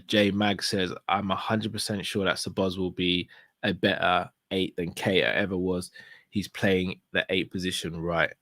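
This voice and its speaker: A fairly low-voiced man chats casually on a live stream, reading viewer messages and giving easy shout-outs. The sound is dry and close. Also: no room sound. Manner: relaxed, slangy, shouts out viewers.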